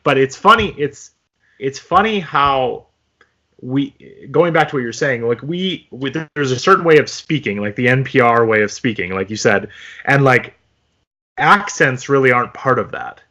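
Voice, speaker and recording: A man's voice: medium pitch, expressive, moderate pace, pushed and bright. Man, podcast co-host, casual chat, rambling, filler-heavy, muffled lo-fi sound. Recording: slightly dull lo-fi audio.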